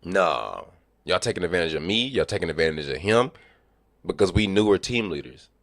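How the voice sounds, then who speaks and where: Streamer, male, low voice, animated profane storyteller, acts out quotes, dry mic. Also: fairly quick, no room sound. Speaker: livestreamer. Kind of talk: casual storytelling chat.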